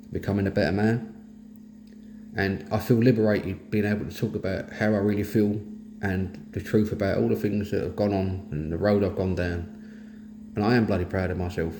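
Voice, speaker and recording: A man's voice: sits low, mellow. Earnest middle-aged Cockney man. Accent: London Cockney. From East London, England. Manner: plain-spoken, earnest, blunt. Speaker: host of a mental health talk. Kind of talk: candid personal monologue. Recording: echoey room with faint noise.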